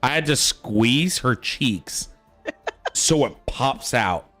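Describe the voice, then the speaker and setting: A man's voice: mid-range voice, drawn-out words, no room sound, faint music behind. A man streaming a game, telling stories about his toddler in a casual, swearing chat. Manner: animated storytelling, swearing. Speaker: father.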